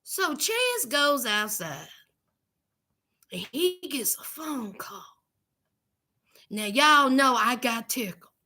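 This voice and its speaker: A woman's voice: high-pitched, very animated, slow, long pauses, pushed and bright. A woman hosting a comedic reality show recap, sassy and chatty, talking straight to her viewers.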